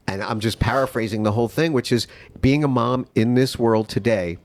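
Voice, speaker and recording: A man's voice: medium pitch, fairly quick. A man from New York hosting a podcast, talking in an earnest, heartfelt, rambling way. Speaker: podcast host. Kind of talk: casual interview chat.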